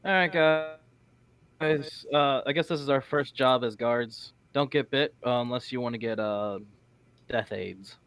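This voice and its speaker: A man's voice: mid-range voice, measured pace, fairly bright tone, clear, resonant tone, no echo. Sarcastic man playing a tabletop game. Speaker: player. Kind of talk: casual tabletop game chat.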